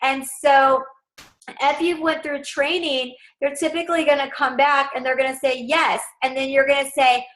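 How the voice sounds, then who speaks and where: Bright-voiced woman coaching sales. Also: high-pitched, level tone, normal speed, poor audio. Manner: upbeat, direct, instructional. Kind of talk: casual coaching talk.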